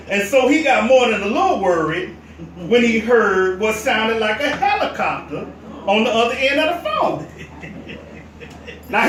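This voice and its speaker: Man, pastor, sermon storytelling, high pitch, roomy church sound, faint hiss. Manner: animated storyteller, drops to a hush for quoted whispers. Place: church sanctuary. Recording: echoey church from a distance, faint noise.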